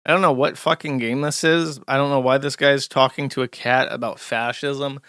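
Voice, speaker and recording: Sarcastic male commentary host, bright voice. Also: medium pitch, fairly even intonation, moderate pace, smooth, dry recording. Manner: sarcastic, mocking. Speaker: show host. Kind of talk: casual commentary.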